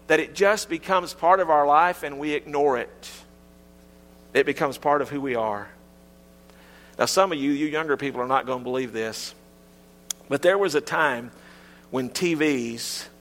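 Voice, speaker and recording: Folksy preacher, middle-aged man. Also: in a large hall. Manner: folksy, humorous storytelling with lively pitch swings. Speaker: pastor. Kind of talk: sermon.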